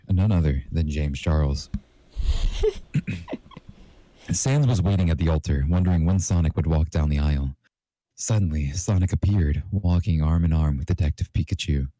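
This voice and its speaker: A young man hosting a comedy show, reading fan fiction aloud deadpan and putting on voices for the characters. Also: rumbling low, moderate pace, no echo, rough recording. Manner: reads deadpan, with playful put-on character lines.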